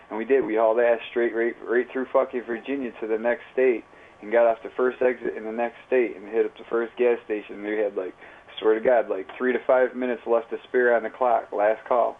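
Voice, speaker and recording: A man's voice: mid-range voice, fairly even intonation, a little fast. A man telling a rambling, profane story in casual, slang-heavy chat while livestreaming. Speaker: live streamer. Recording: tinny phone-like audio.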